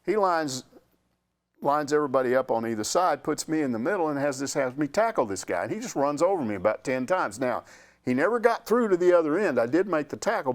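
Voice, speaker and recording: An older man hosting a sports chat, telling a story in a casual, animated way and acting out the quotes. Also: a little high. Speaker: sports reporter answering questions.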